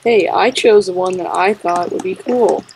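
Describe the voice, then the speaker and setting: Excitable woman chatting through a game. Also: fairly low pitch, gravelly, slight background noise, rough recording. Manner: excitable, quick to laugh. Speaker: co-host of a game series. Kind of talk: casual gameplay chat.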